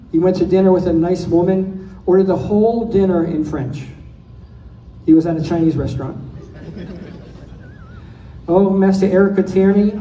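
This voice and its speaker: Guy roasting his friend w/ one-liners, high dark voice, echoey hall, mic far away. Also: muffled recording, a little hiss or hum. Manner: rapid one-liner punchlines. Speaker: speaker giving a birthday toast. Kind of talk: joke-filled roast speech.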